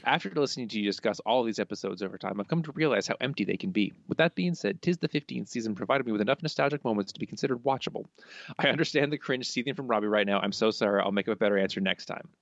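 A man's voice: on the low side, animated, rapid-fire, no room sound. Man reading listener mail on a podcast. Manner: reads listener messages aloud, chuckling asides. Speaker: podcast co-host. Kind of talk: casual podcast chat reading listener answers. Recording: dull, slightly lo-fi dry sound.

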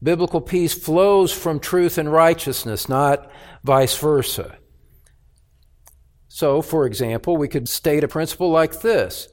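Male pastor preaching, slow and emphatic, kinda high voice, repeats stuff for weight. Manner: emphatic preaching with measured repetition. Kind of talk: sermon.

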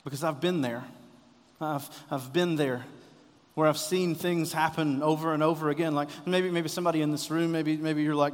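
A man preaching a sermon as pastor, impassioned, rising to loud cries when he voices a quoted prayer. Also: a little high, long reverb tail.

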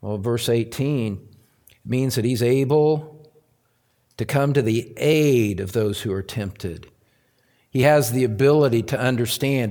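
A male pastor delivering a sermon at an unhurried, deliberate pace. He repeats key phrases for emphasis and climbs to loud, fervent peaks before dropping back down. His voice sits at a medium pitch. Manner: impassioned preaching, rising to loud emphatic peaks.

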